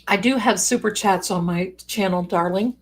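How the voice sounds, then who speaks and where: A woman's voice: mid-range voice, moderate pace, slightly rough. Chatty folksy woman streaming live. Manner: chatty, folksy, sassy asides. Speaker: psychic livestream host. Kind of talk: casual live-stream chat.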